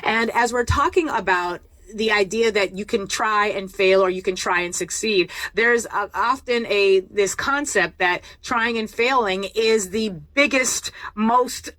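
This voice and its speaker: A woman's voice: medium pitch, a little slow, hardly any pauses, fairly bright tone, no room sound. A middle-aged woman from the United States hosting a reflective motivational talk, thoughtful and self-deprecating. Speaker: host.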